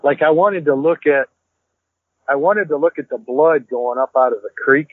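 A man, a hunter and podcast guest, telling a story in a rambling, animated way and repeating "I said" as he acts out the dialogue. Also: a little high, moderate pace, no room sound. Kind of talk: casual storytelling. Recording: tinny phone-like, dry.

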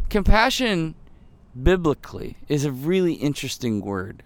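A man preaching a sermon in an earnest voice that drops soft and low, then rises with emphasis. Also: expressive, unhurried, slight background noise. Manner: earnest, swings between soft intimate lows and rising emphatic peaks. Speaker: pastor.

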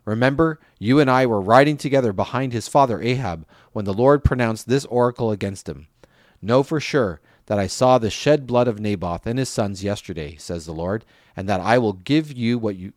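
A man reading a Bible passage aloud at a steady pace, with an occasional restart on a name or phrase. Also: lowish voice, moderate pace, dry recording, clean studio sound. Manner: steady reading, lifts voice for quoted speech. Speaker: scripture reader.

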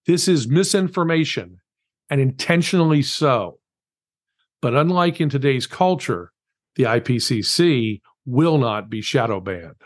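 A man with a slightly higher voice delivers a scripted podcast commentary. He reads emphatically and drops wry, sarcastic asides.

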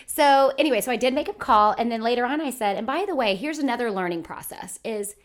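Woman podcast co-host, rapid and tangent-prone, a touch high-pitched. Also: animated. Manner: chatty, trails off and restarts, quotes movies. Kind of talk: casual chat.

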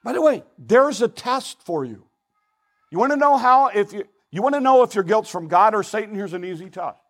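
An older man preaching a sermon as pastor, earnest and pleading, swinging between loud emphasis and hushed asides. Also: high voice, animated, normal speed, rough recording.

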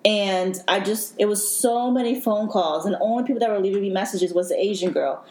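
Woman host, mid-range voice, halting personal story, roomy echo. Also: medium pitch, darkish tone. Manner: emotional, halting, with many fillers. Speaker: podcast host telling her own story. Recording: echoey room.

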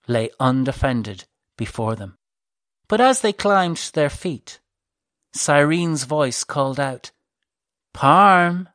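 A male narrator reads a fantasy story aloud in a measured, unhurried way. His voice sits in an ordinary middle register. The recording is dry, with no room sound. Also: medium pitch, fairly bright tone, clean tone, no room sound. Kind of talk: audiobook narration.

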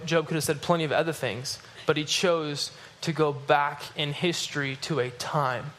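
High-voiced man preaching a lively sermon. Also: a little hiss or hum. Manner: animated, rising in pitch and force at emphatic points; drops low and quiet when reading scripture. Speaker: pastor.

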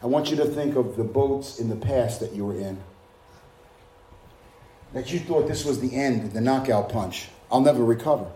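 A man's voice: mid-range voice, moderate pace, pauses often, dark tone, a little hiss or hum. A male pastor preaching a fervent sermon, with frequent hallelujahs and rhetorical questions to the congregation. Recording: roomy, echoing room.

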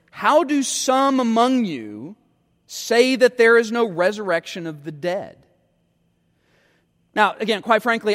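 A male pastor delivers a sermon, teaching earnestly and often repeating words as he works through a passage. His voice sits high for a man. The recording carries a long reverb from a large hall. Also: fairly bright tone.

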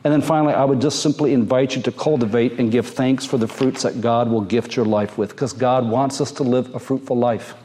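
A man, a pastor, preaching a sermon in a slow, gentle and earnest way, with drawn-out pauses. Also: mid-range voice, steady tone.

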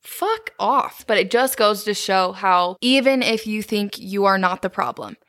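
A woman's voice: mid-range voice, normal speed, fairly bright tone. A young woman co-hosting a casual podcast chat, talking candidly, swearing freely and acting out what others said. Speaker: podcast co-host.

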